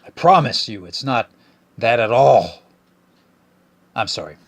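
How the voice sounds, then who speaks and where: A man's voice: medium pitch, sing-song, measured pace. A man hosting his own podcast alone, talking casually in a profane, exasperated and joking way. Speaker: podcast host. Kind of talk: casual solo podcast rant.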